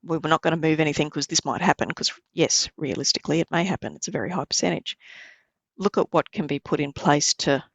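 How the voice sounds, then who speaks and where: A middle-aged woman lawyer explains matters in a measured, advice-giving way, her voice carrying a gravelly fry. The sound is close and dry, with no room around it. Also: low voice, dry recording. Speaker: lawyer guest. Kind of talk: podcast interview.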